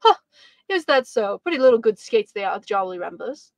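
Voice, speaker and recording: A woman's voice: high-pitched, fast, fairly bright tone, no room sound. A woman reading aloud as a tall, condescending boy who talks in an offhand, boastful way. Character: taller boy, careless and condescending.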